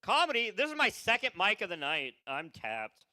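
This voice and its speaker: A man's voice: sits high, huge pitch swings, normal speed, sharp tone, no echo. A man doing a profane, rambling stand-up set at an open mic, tired and laughing at his own jokes.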